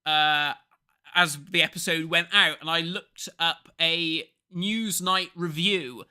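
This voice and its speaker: A man's voice: a little high, takes it slowly, clear, resonant tone. A man in his thirties from England, co-hosting a casual podcast chat and telling stories, acting out the people he quotes. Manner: animated storyteller, acts out quoted people. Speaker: podcast co-host.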